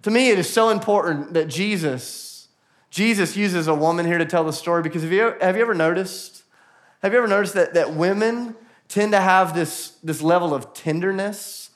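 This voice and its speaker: Earnest man preaching a sermon. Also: sits high. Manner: earnest, rising to animated emphasis with quick acted-out asides. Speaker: pastor. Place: church auditorium.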